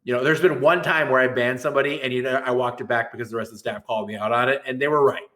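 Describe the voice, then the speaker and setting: A man's voice: medium pitch, steady tone, racing, a bit bright. A middle-aged man, a guest tournament administrator, ranting in a heated, profane and sarcastic way on a podcast.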